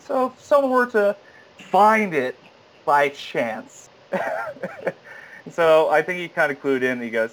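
On poor audio, a guest recounts an audition in a casual story, speaking a little slowly and pausing often. He is animated, acting out quoted lines with sudden jumps into a high voice, and he frequently stammers and restarts.

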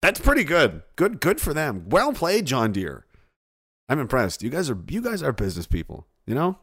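A man's voice: mid-range voice, wildly swooping pitch, moderate pace, fairly bright tone, slightly rough. A male podcast host chatting casually on a livestream, sarcastic and profane, often laughing at his own jokes.

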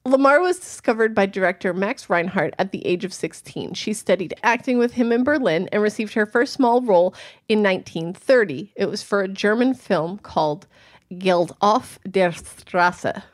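A woman's voice: mid-range voice, lively intonation, moderate pace. A woman co-hosting a casual podcast chat, joking around and laughing often as she tells the story. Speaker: podcast co-host.

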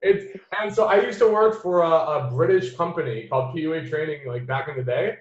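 A man's voice: a little high, brisk, a little hiss or hum. An American man hosting a podcast, chatting casually and bluntly, swearing freely and laughing easily. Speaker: podcast host. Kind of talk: casual chat. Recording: roomy, dull lo-fi sound.

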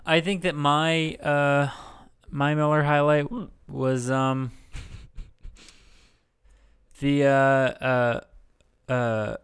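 A man's voice: fairly high pitch, little pitch movement, very slow, long pauses, fairly bright tone, clear, resonant tone. A man co-hosting a casual comedy podcast, sarcastic and rambling with lots of fillers, fighting off hiccups. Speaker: podcast co-host.

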